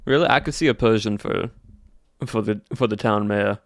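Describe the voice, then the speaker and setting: A man's voice: on the low side, normal speed, dry recording, clean studio sound, lightly acted. A man putting on a folksy Southern cowboy. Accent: put-on Southern US. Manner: folksy drawl, says y'all. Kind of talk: casual livestream chat.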